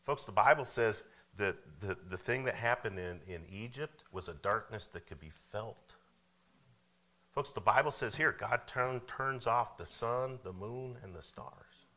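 Preaching in a homespun style, this pastor has a lowish voice and speaks a little slowly. He keeps asking "Amen?" and "okay?", shifting from loud, emphatic lines to quiet asides.

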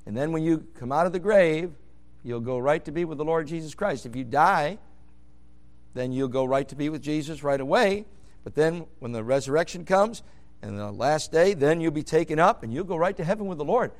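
Preacher guy, fiery sermon, goes quiet then hollers, voice sits a bit high. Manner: fervent, swings from quiet storytelling to loud hollering.

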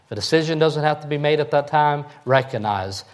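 A man's voice: a little high, fairly quick, clean tone. A man preaching a sermon as pastor, in a folksy, conversational way that keeps checking in with his listeners. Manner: folksy, conversational preaching with frequent "all right?" check-ins.

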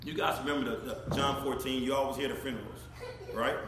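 A man preaching a sermon, speaking straight to his congregation, swinging from shouted emphasis to low, quiet asides. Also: quick pace, background noise. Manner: animated, addresses congregation directly, rises to shouts then drops low. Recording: echoey hall with faint ambience.

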